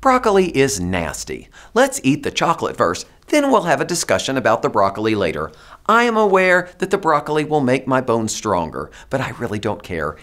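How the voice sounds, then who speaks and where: A man's voice: mid-range voice, wildly swooping pitch, a little fast, fairly bright tone. A man playing a fussy toddler boy who refuses broccoli, whiny and mock-articulate.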